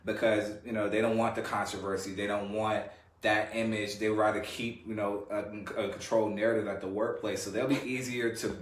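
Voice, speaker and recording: A man's voice: fairly low pitch, level tone, brisk. A young adult man co-hosting a podcast who speaks in a laid-back, agreeable way and often chimes in during casual chat. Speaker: podcast co-host. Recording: echoey room.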